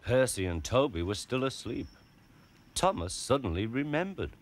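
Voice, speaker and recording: A man narrating a children's story, clear and expressive. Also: mid-range voice, moderate pace, over music.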